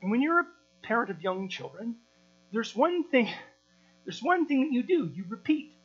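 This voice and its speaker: A man in his thirties preaching a sermon, animated, repeating words and asking rhetorical questions. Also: very high-pitched, moderate pace. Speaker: pastor. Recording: dull lo-fi sound with mains hum.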